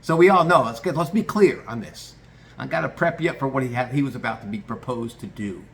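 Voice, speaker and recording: A man's voice: mid-range voice, fairly quick, vocal fry, a little hiss or hum. A man telling a true story in a loose, rambling way, swearing casually and restarting his sentences.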